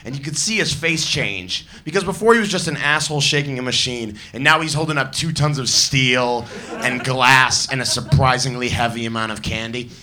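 A young man doing a stand-up set, telling stories with wry, deadpan asides. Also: medium pitch, normal speed. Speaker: stand-up comedian.

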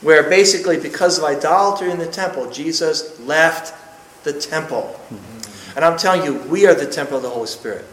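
A man's voice: on the high side, brisk, fairly bright tone, roomy sound, slight background noise, rough recording. A man preaching a sermon to a congregation, emphatic and punchy, with joking asides.

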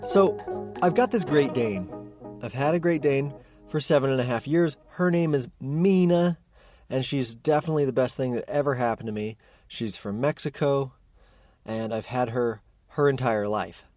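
A man's voice: medium pitch, moderate pace, soft background music. A chatty, personable man from Central Oregon, casually telling a story to his viewers. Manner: chatty, personable, lively retelling. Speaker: paraglide pilot vlogger.

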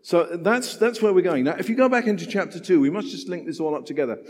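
A man's voice: high-pitched, quick pace. Older man preaching in echoing hall. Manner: animated, conversational, self-deprecating asides. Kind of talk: sermon.

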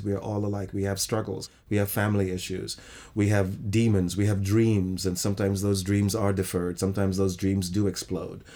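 Deep-voiced guy, theater director, thoughtful and reflective, restarts a lot. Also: a little mellow. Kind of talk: interview conversation.

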